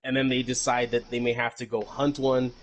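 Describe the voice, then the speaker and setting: A man's voice: medium pitch, level tone, brisk, low-quality recording. A man co-hosting a podcast, recapping a movie in rambling casual chat and swearing freely. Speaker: podcast co-host.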